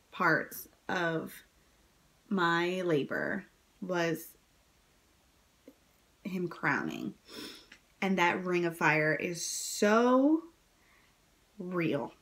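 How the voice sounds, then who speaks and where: A woman vlogger telling her birth story to camera in a casual, chatty way, full of "like" and "um", jumping up high when she quotes herself and others. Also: animated, very slow, long pauses, fairly bright tone. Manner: chatty, many fillers, acts out quotes in a high voice.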